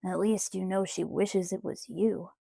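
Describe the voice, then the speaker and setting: A woman's voice: mid-range voice, fairly even intonation, unhurried, vocal fry, dark tone, breathy edge, dry recording, exaggerated voice. Woman reading a smug, teasing young man, light and dry, for an audiobook. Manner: teasing, breezy. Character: cocky young male shapeshifter, teasing and cheerful.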